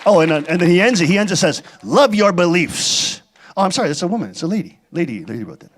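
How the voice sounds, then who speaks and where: A man's voice: a little high, sing-song, rapid-fire, some chatter behind. A church leader, a man, giving rambling, sarcastic commentary and reading out viewer letters.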